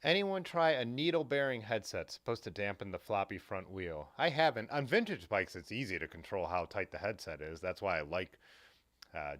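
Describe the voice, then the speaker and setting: A man's voice: lowish voice, expressive, moderate pace, a bit bright. A man hosting a casual livestream, rambling along and reading viewer comments aloud. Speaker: livestream host. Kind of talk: casual live chat.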